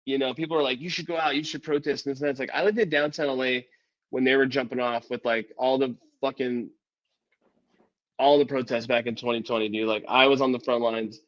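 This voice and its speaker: A man's voice: mid-range voice, steady tone, brisk. Laid-back man, dull lo-fi sound. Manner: laid-back, profane, says "dude" and "bro". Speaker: podcast co-host. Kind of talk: casual chat.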